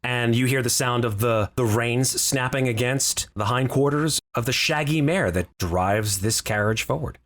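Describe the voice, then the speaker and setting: A man's voice: mid-range voice, moderate pace, few pauses, a bit bright. A man acting as game master, narrating a tabletop game in vivid, descriptive storytelling.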